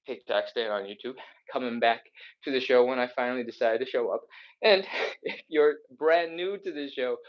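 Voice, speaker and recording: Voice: medium pitch, muffled recording. A fitness instructor leading a live follow-along stretching workout, counting reps and chatting between moves, out of breath. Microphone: streaming setup.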